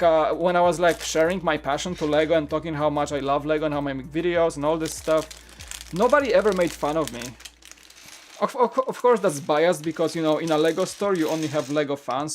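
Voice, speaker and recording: A man hosting a live-streamed LEGO build, talking in a chatty, rambling way and reading out the chat. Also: a little high. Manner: chatty, rambling, with frequent restarts. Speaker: LEGO channel host.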